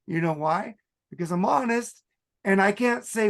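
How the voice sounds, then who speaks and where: A man's voice: high voice, normal speed, creaky. A man co-hosting a rock podcast in casual chat, outspoken and opinionated, laughing often. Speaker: podcast co-host. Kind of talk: casual chat about music.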